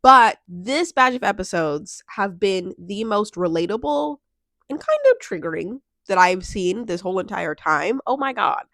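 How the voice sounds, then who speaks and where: A young woman talks casually from her couch at home, recapping a reality show in a chatty, animated way with frequent laughs. Her voice sits at a middle pitch and sounds close and dry, with no room around it. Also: measured pace, dry recording. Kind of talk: casual chat.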